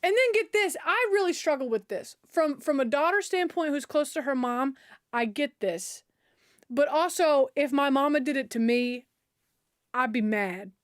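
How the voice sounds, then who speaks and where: High-voiced woman telling a story, slangy. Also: normal speed, no room sound, studio quality. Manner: animated, slangy storytelling with many fillers. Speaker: streamer. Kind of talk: casual chat.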